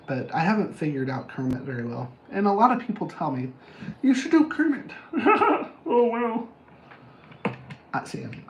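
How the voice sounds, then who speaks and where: A man's voice: sits high, fairly bright tone. Blunt, profane man in an echoey room. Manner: blunt, profane, jokey, self-mocking. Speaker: anger management coach. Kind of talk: casual monologue on camera. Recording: roomy echo, faint background noise.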